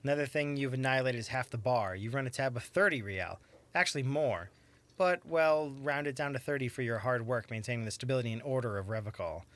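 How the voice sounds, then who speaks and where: A man's voice: medium pitch, fast talker, fairly bright tone, natural voice. A man voicing a grumpy male bar manager in a detective game, speaking curtly and sarcastically. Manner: curt, sarcastic.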